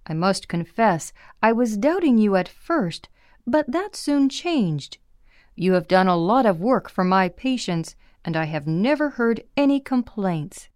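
A woman reading the lines of an exacting senior male urologist in a measured, testing tone. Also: mid-range voice, big pitch swings, a little mellow, no room sound, clean studio sound. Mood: warm.

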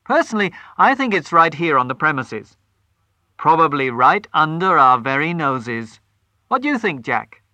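A man's voice: fairly high pitch, very animated, normal speed, pushed and bright, no room sound, exaggerated voice. A man reading aloud voices a blunt, hearty middle-aged police sergeant in a told story.

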